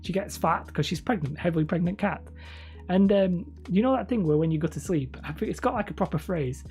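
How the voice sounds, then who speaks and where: A woman's voice: lowish voice, brisk, warm tone. A woman chatting casually on a live stream from home, rambling and laughing often as she talks.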